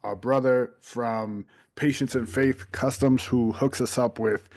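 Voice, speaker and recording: A man's voice: medium pitch, steady tone, unhurried, creaky, a little mellow, dry recording. A man co-hosting a podcast in casual chat, making a laid-back promo for next week's guest. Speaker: podcast co-host.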